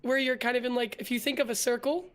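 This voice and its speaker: A woman's voice: on the high side, fast talker. A young woman, a guest in a casual interview, telling her story earnestly with a lot of filler words. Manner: earnest storytelling, growing more energetic. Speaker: interview guest, vtuber and artist.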